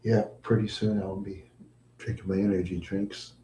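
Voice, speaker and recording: Middle-aged man, slightly low voice, rambling self-pitying livestream chatter, echoey room. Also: flat delivery, normal speed, mellow, a little hiss or hum. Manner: repetitive, mumbling, self-pitying. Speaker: livestream host. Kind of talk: rambling live-stream chat.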